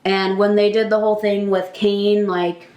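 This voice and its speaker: An excitable woman in her twenties talks casually with friends on a podcast. Her voice sits in a middle range and bounces off the walls of a roomy space. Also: medium pitch, normal speed. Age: 20s. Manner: excitable, chatty fan. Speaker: podcast co-host. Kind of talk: casual chat. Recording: echoey room.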